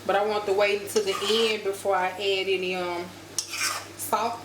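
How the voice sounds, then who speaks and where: A woman from the US chats through a casual cooking vlog at a moderate pace, calling her viewers y'all as she prepares a home-cooked meal. Her voice is mid-pitched, the kitchen rings with echo, and background noise stays steady under her talk.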